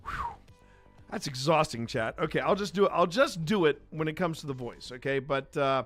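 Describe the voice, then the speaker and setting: A man's voice: a little high, sing-song, moderate pace, a bit bright, faint music behind. A man hosting a live stream in a casual, rambling, playful way, chatting to his viewers and to his cats. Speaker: host.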